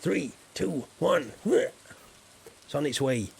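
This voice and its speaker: A man's voice: on the high side, sing-song, extremely slow, gravelly, breathy edge. A man from Yorkshire with a southern English accent, chatting playfully to his viewers while streaming a farming game. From Yorkshire, England. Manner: chatty, playful, talks straight to chat viewers. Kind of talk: casual live-stream chat while gaming.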